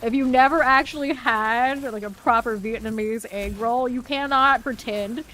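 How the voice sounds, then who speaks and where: A woman's voice: a little high, normal speed, pushed and bright, slight background noise. Chatty woman streaming games. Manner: chatty, laughs often, trails off. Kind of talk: casual chat while gaming.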